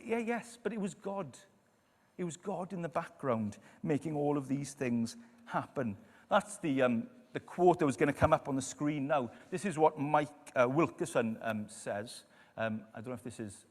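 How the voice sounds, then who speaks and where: A man preaching a sermon in a church, telling stories and dropping to quiet emphasis on key lines. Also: mid-range voice, moderate pace. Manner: storytelling, lively, drops to quiet emphasis. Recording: echoey church hall.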